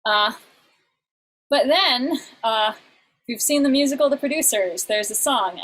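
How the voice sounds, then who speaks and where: A woman's voice: on the high side, lively intonation, a little slow, fairly bright tone, a little hiss or hum, low-quality recording. A young adult woman teaching an online songwriting class in a chatty way, with many fillers and restarts.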